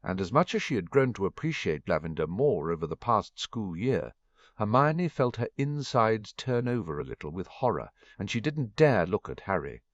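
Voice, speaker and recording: A man with a low voice narrates a story, his pitch swinging widely as he reads. The recording is dry and a little muffled and dull. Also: moderate pace, dry recording. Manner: expressive storytelling, voices every character. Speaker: audiobook narrator. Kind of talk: reading fan fiction aloud.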